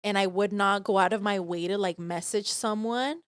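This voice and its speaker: A young woman co-hosting a podcast, telling a story in animated, profane casual chat and acting out the voices she quotes. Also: medium pitch, moderate pace, smooth, no room sound, clean studio sound. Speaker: podcast co-host. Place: podcast studio.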